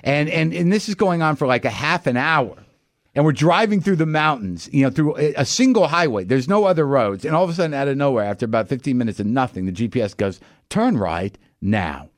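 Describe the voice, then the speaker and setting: A man hosting a podcast, telling a story in a casual, animated way, acting out other people's lines and swearing as he goes. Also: fairly high pitch, fast talker, dry recording, studio quality. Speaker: podcast host.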